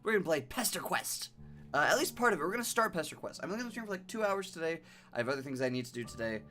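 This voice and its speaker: A game streamer chatting live in an animated, self-deprecating way, sometimes reading game text aloud in a vague pirate accent. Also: medium pitch, fast, faint music behind.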